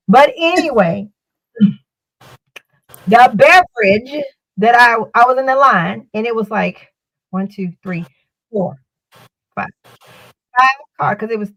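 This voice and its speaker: This woman co-hosts a talk show and rambles through a casual story, often repeating words and starting over. Her voice is fairly high-pitched and a bit bright, and the audio quality is poor.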